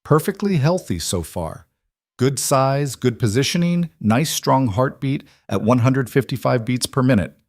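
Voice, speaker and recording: A man voicing a calm, warm female doctor who speaks gently and reassuringly, in a dry recording. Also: medium pitch, measured pace, no room sound, voice pushed up.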